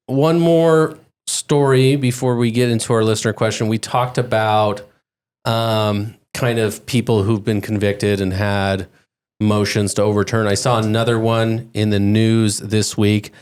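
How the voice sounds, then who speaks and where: A man's voice: lowish voice, a little mellow, clean tone. A man hosting a podcast, steering the conversation and walking through news cases. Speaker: podcast host. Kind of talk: casual podcast chat.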